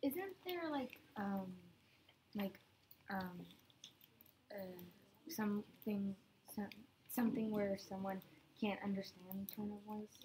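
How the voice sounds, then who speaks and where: A woman's voice: medium pitch, slow pace, dark tone, a little hiss or hum, low-quality recording. A female student asking a hesitant question in class, full of fillers.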